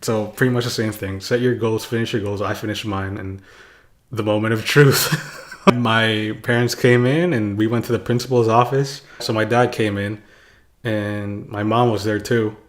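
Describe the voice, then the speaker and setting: A man's voice: lowish voice, fairly even intonation, normal speed. Young man telling a rambling story. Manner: rambling, full of "like" and chuckles. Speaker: vlogger. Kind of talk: casual storytelling.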